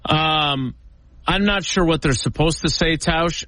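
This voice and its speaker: A male sports talk host introducing clips and questioning his co-host, lively, jokingly mimicking players. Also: a little high, unhurried, no room sound, rough recording.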